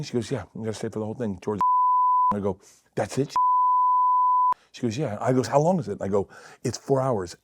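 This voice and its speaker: A middle-aged man telling stories in a casual podcast chat, laughing often and dropping to quiet mutters. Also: on the low side, fast, long pauses, slight background noise. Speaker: comedian guest. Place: podcast studio.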